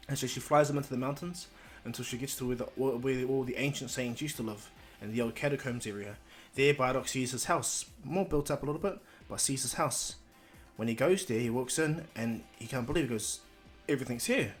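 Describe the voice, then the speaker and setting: A man tells an improvised fan story in a loose, rambling way, stumbling over restarts and slipping into his characters' lines. His pitch sits in the middle. Faint music plays underneath. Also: brisk. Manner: rambling, with many restarts, and quotes each character in the flow.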